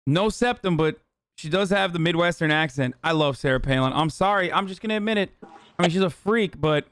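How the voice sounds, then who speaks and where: Male streamer, 30s, high smooth voice, dry close sound, sarcastic and profane. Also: fairly quick, no room sound. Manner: animated, profane, sarcastic banter. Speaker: streamer host. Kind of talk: casual reaction commentary.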